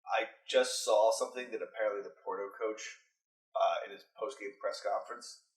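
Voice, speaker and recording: A man chiming in on a podcast with quick asides and wisecracks. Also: on the low side, steady tone. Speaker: podcast co-host. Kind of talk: casual chat. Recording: roomy echo.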